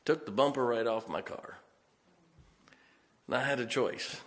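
A man's voice: mid-range voice, a little slow. A middle-aged man pastor preaching a sermon, telling folksy stories and laughing often. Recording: reverberant hall.

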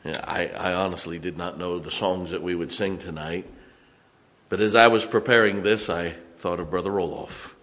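A man preaching a sermon as pastor, telling stories from the pulpit and breaking into song and shouts. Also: sits low, fairly even intonation, moderate pace, in a large hall. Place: church sanctuary.

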